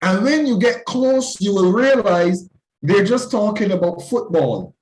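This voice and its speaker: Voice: medium pitch, lively intonation, measured pace, a little mellow. A talk show host telling an earnest anecdote about cultural misunderstanding, explaining with vivid everyday examples. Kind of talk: storytelling commentary on culture. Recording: roomy echo.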